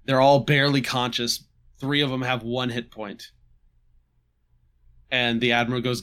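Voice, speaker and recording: A man casually recapping a tabletop game session, halting and restarting with chuckles. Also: medium pitch, flat delivery, a bit bright, clear, resonant tone. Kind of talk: casual chat.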